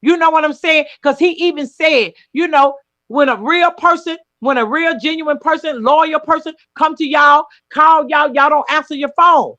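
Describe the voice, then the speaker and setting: A woman's voice: high voice, moderate pace, bright, forceful tone, no room sound, highs cut off. Earnest woman co-host in casual chat. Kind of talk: casual live-stream chat.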